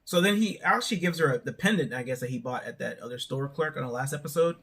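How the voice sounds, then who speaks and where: A man's voice: medium pitch, quick pace, fairly bright tone. A young man hosting his channel, giving a rambling, casual recap of a reality show and often hedging with "I don't know". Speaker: show reviewer, channel host.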